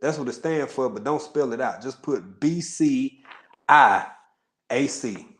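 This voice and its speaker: Speaking at an unhurried pace, a Texas man with a Texan accent hosts a livestream, joking around with viewers, laughing a lot and rambling into side comments. He has a medium-pitched, expressive voice with a fairly bright tone.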